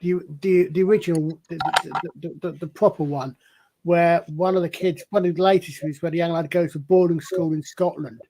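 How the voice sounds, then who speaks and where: Brief: male panelist, somewhat high voice, halting, repeats words. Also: fairly even intonation, dark tone, a little hiss or hum. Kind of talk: casual panel chat.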